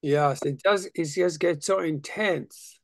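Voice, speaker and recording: A woman's voice: sits low, slow pace, no echo, studio quality. A woman leading a group discussion, affirming the others and saying "beautiful" often.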